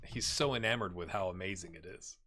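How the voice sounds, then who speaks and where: A Scottish man hosting a casual let's-play from his home office, chatty and excitable, bursting into loud commentary when the match heats up. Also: deep voice, brisk. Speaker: gaming channel host. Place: home office with a blue screen.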